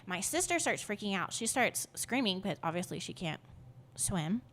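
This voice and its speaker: A woman's voice: mid-range voice, very animated, normal speed, a bit bright, a little hiss or hum. A woman guest on a podcast, telling a personal story in a loose, rambling way, full of fillers and laughs. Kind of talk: casual storytelling.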